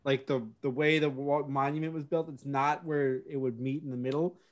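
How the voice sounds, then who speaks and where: A man's voice: mid-range voice, fairly even intonation, normal speed. A man co-hosting a casual podcast, rambling and fixated on a detail, mocking himself. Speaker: podcast co-host. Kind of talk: casual chat.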